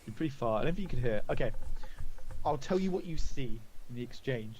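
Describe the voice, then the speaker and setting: A man in a medium register running a tabletop game. He narrates casually with plenty of fillers and halting restarts, laughing along with his player. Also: mid-range voice, expressive, darkish tone, a little hiss or hum, low-quality recording. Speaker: game master.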